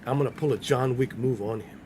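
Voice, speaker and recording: A man's voice: medium pitch, a little fast, noisy background. A man casually commenting on a game during a livestream, loose and joking as he banters with his chat. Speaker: gaming livestreamer.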